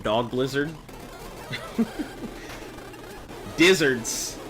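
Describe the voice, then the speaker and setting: A man's voice: mid-range voice, expressive, extremely slow, sharp tone, soft background music. A man streaming live, chatting casually with viewers, reading chat messages aloud and joking as he goes.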